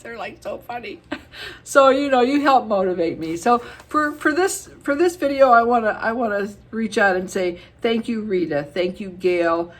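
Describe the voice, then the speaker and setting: A middle-aged woman vlogging to her viewers in a casual, chatty and affectionate way, with many fillers. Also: on the low side. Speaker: beauty vlogger. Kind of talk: casual chat to camera.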